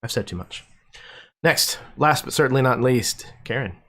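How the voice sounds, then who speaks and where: A man's voice: mid-range voice, lively intonation, moderate pace, bright, forceful tone. Chill guy gm intro-ing his players, jokey, mid voice. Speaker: game master and host. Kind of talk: casual stream intro.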